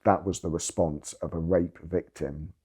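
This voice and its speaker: A man with a low, husky voice, speaking in an interview. He tells his story candidly and earnestly, leaning hard on words and swearing for emphasis. His tone is dark and mellow. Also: fairly even intonation, a little slow. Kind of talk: candid personal testimony.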